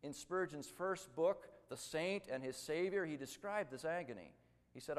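A man preaching a sermon, telling a story with dramatic swings between loud emphasis and hushed tones. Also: a little high, animated, moderate pace, long reverb tail.

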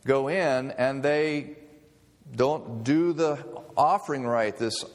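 A man's voice: mid-range voice, slow. A man preaching a sermon in a conversational way, mixing humor with scripture. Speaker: pastor. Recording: long reverb of a hall.

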